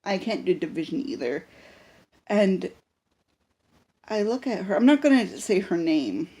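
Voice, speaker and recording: A woman's voice: mid-range voice, big pitch swings, unhurried, warm tone, breathy edge. A young woman talking unscripted to a handheld camera in a personal vlog, rambling with lots of fillers and restarts. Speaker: vlogger.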